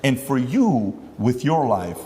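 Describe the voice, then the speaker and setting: In a large hall, a male interview host with a warm, medium-pitched voice speaks slowly but very animatedly. He rambles through long setups, acts out dialogue between his questions, and fills his talk with many fillers.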